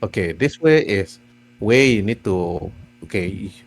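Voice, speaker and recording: Game master, male, low husky voice, rambling narration with restarts, faint mains hum. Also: animated, unhurried. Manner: meandering, restarts often while narrating.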